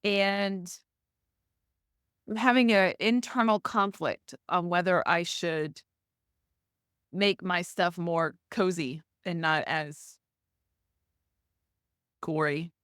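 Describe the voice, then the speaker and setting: A woman's voice: fairly low pitch, takes it slowly, pauses often, a bit bright, smooth, no room sound, clean studio sound. A woman co-hosting a podcast, talking casually in a hesitant, self-conscious way that trails off. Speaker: podcast co-host. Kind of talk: casual chat.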